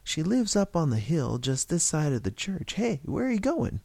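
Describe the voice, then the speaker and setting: A man's voice: fairly high pitch, very animated, moderate pace, creaky, warm tone, dry recording, voice pushed up, exaggerated voice. A man voicing a gossipy older small-town shopkeeper with a folksy drawl.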